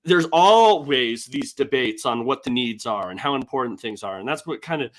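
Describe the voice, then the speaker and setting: A man's voice: medium pitch, lively intonation, moderate pace. A young man hosting a sports podcast, chatting in a laid-back way and trailing off into many fillers. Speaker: podcast host. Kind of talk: casual sports podcast chat.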